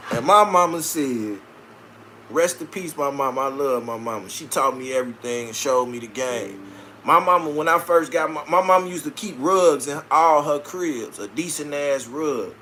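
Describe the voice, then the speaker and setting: A Chicago man hosts a casual live stream, reading viewer comments and answering them with brash, profane street banter. His voice is a little high, pushed and bright, with slight background noise.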